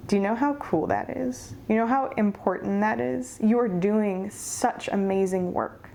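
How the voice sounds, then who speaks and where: A woman reads tarot cards for her viewers in a soft, mellow voice. She talks earnestly and encouragingly, addressing the listener directly. A faint hum of room ambience sits behind her. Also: mid-range voice, measured pace, creaky, hardly any pauses. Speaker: tarot reader. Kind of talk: pick-a-card tarot reading.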